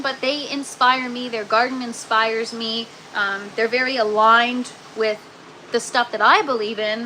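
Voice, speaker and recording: A woman with a slightly high, sharp-toned voice hosts a casual gardening live stream from an indoor grow tent. She chats with viewers, using lots of ums and "you guys." The audio is poor, with a little hiss or hum.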